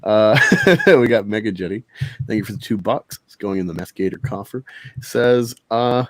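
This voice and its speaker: A blunt, opinionated man hosting a podcast in casual chat, ranting crudely. His voice sits somewhat low. The sound is dry and close to the mic. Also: normal speed, no echo. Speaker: podcast host.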